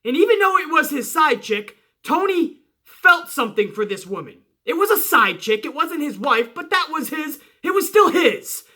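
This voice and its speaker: Brash, bright-voiced man, swearing freely. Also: sing-song, moderate pace. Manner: swears freely, emphatic, pitch jumps when worked up. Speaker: wrestling show reviewer, channel host. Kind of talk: casual profane review commentary.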